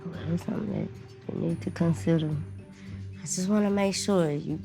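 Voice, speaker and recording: A woman's voice: lowish voice, fairly even intonation, moderate pace, vocal fry, over music. A woman speaking earnestly and asking serious questions in casual talk. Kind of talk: reality show talk and confessional.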